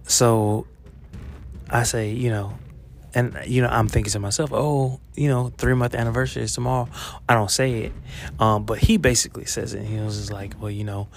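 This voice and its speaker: A man's voice: fairly low pitch, vocal fry, a little hiss or hum. A man, a teacher on his break, telling a personal story in a casual confessional monologue, chatty, full of fillers and laughs, swearing freely. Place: school, on a break.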